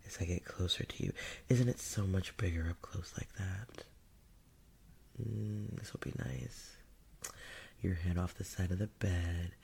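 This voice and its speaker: Whispered role-play: a slow, deep-voiced, dominant creature that mocks and teases, acted by a man, with a faint noise floor. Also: steady tone, a little mellow. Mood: taunting. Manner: taunting, breathy, often whispered, with chuckles. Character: dominant, mocking non-human male creature.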